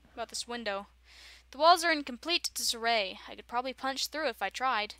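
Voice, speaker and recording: A woman voicing a former student exploring an old boarding school in a horror game, in a lowered, subdued tone. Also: animated, brisk, pushed and bright, dry recording. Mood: wary.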